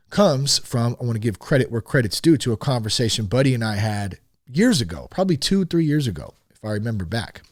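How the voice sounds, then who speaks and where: A man in his thirties hosting a podcast, talking frankly in a casual, animated monologue. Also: mid-range voice, a little fast, no room sound, clean studio sound. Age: 30s. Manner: animated and frank, with swearing and rising emphasis. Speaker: podcast host.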